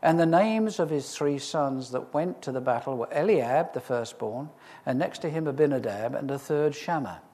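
In a mid-range voice at a moderate pace, a preacher reads from scripture and retells it in an animated, funny storytelling style, breaking off for asides to his listeners.

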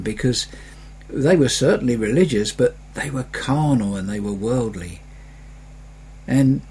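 A man's voice: medium pitch, dark tone, husky. A man preaching a sermon as pastor, conversational, putting on mocking voices when quoting critics.

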